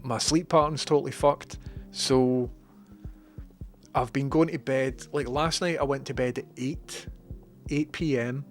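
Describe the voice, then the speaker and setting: A Scottish man casually chatting on his livestream, reading out chat messages with a slight cold in his voice. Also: medium pitch. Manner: chatty, swears casually, reads chat aloud. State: has a cold.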